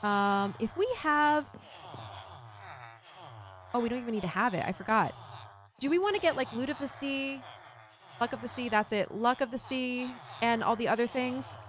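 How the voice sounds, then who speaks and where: A young adult woman streamer chatting casually with viewers while playing a game, animated and giggly. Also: fairly high pitch, normal speed, long pauses. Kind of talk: casual gameplay chat with viewers.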